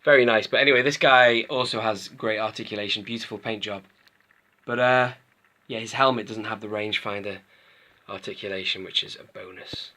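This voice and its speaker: A man's voice: on the low side, brisk, bright, forceful tone. A man hosting his own toy collecting channel, reviewing figures in a rambling, chatty way that often interrupts itself. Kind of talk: casual review chat to camera.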